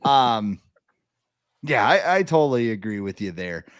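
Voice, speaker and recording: The clip has no room sound, just a young man's clear, resonant, medium-pitched voice at a somewhat slow pace. As co-host of a laid-back sports podcast, he's lively and jokey, imitating the voices of anyone he quotes.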